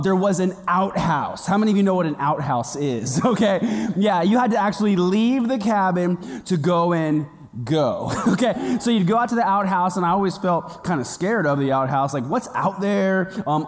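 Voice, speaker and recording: A man's voice: sits high, long reverb tail. A man preaching a sermon as a pastor, telling a funny personal story and acting out the voices in it. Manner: humorous storytelling with quoted voices. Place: church auditorium.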